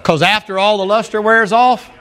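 A man's voice: high-pitched, steady tone, moderate pace, sharp tone. A man preaching a sermon, folksy and joking, calling out to the congregation for responses. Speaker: pastor.

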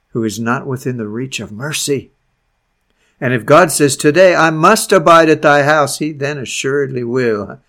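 A man reading an old sermon aloud with passion, swinging between loud emphasis and hushed tones. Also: mid-range voice. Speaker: sermon reader.

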